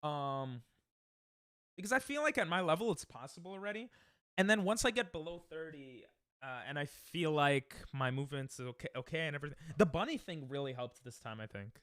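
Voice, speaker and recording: A young man chats casually on a gaming stream, joking and getting excited. His voice is bright and a bit high, with a forceful edge. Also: fairly quick, dry recording, clean studio sound. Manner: excitable, joking, bursts of laughter and yelling.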